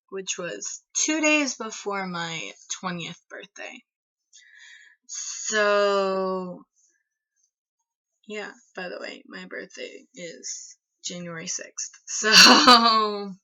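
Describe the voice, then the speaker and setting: A young woman in her early twenties from the United States tells a personal story to the camera at an unhurried pace. Her bright voice rambles, with plenty of "like" and "um". The audio is dull and lo-fi. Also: medium pitch. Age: early 20s. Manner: rambling, filler-heavy with frequent "like" and "um". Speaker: vlogger.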